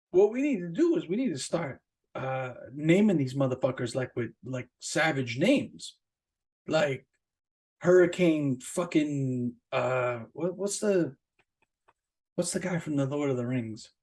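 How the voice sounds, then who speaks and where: Profane rambling man ranting solo. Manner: profane, rambling, with many fillers and restarts; animated, jumping up in pitch for emphasis. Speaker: podcast host. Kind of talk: casual solo rant.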